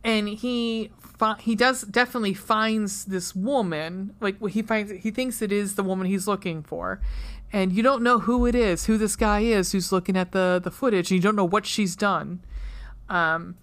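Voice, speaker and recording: Here a woman with a mid-range voice talks at a moderate pace in a steady tone. She's co-hosting a laid-back podcast chat about a book versus its film adaptation, rambling, cursing openly, and laughing often as she goes through her notes.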